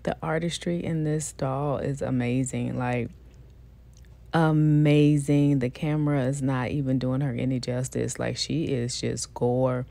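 A woman chatting excitedly to viewers as she unboxes a doll, gushing and repeating her praise, with features. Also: rumbling low, a little slow, gravelly. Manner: gushing, repeats herself, talks to viewers directly.

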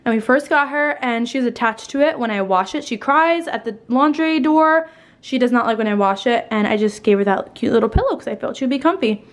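A woman's voice: a little high, brisk. A young woman vlogging at home in a casual, rambling, chatty way, sounding tired and a little out of breath, with casual swearing. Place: at home indoors.

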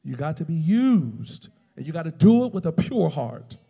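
A male pastor preaching a sermon with emphatic swings between loud and quiet passages. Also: on the high side, very animated, moderate pace, vocal fry, breathy edge, long reverb tail.

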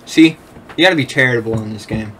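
A young man giving casual commentary over his own gameplay, excitable, laughing often and swearing freely. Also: mid-range voice, fast, a little hiss or hum. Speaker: gameplay video creator.

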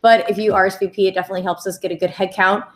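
A woman co-hosts a live stream in a playful, teasing manner, often cutting in with jokes. Her voice sits at a medium pitch and her talk stays casual. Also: flat delivery. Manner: playful, teasing, quick to jump in.

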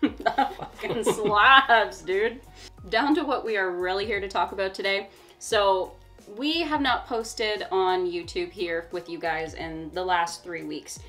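A woman's voice: mid-range voice, unhurried, faint music behind. A young woman co-hosting a casual storytime vlog, talking in a chatty, emphatic way and laughing often. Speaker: vlog co-host.

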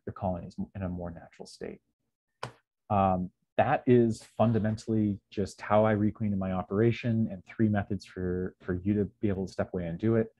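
A man's voice: on the low side, warm tone, no room sound, lo-fi sound. A man giving a casual slide lecture on beekeeping, with lots of ums, who sometimes acts out little dialogues. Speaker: beekeeping presenter.

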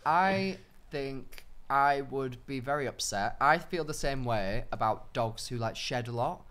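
A man hosting a casual podcast, leading the segment in a playful, drawn-out way. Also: mid-range voice, a bit bright, clear, resonant tone. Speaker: podcast host.

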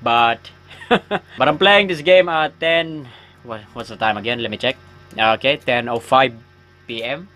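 A gaming YouTuber rambles in let's-play style while playing a horror game, chatty and self-mocking, bursting into yelps when something scares him. His medium-pitched voice is unhurried, pushed and bright, with soft music in the background.

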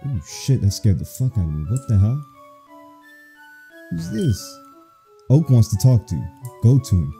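A gaming video host with a mellow, medium-pitched voice does let's play commentary on a horror game, reacting with crude, profane jokes.

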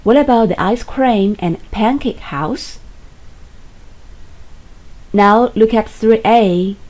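A woman leads a recorded English lesson, speaking slowly and patiently. Her voice is fairly high but mellow and soft-edged, and she repeats key words for pupils. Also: rough recording. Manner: patient, clearly spoken instructions with repeated words. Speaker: English teacher.

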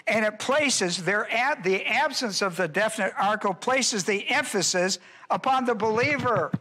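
A man's voice: high voice, animated, moderate pace, bright, forceful tone. A male pastor preaching an expository sermon, emphatic and repeating his key words.

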